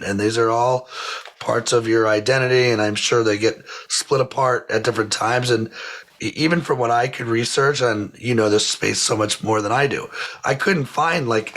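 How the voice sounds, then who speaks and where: A man's voice: fairly low pitch, a bit bright. A man hosting a podcast interview, conversational and thinking aloud with restarts. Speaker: podcast host.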